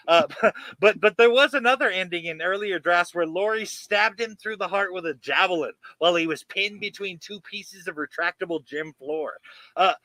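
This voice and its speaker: A man's voice: sits high, pushed and bright, no echo, rough recording. A man co-hosting a horror movie podcast, laid-back and casual, often restarting his sentences. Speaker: podcast co-host.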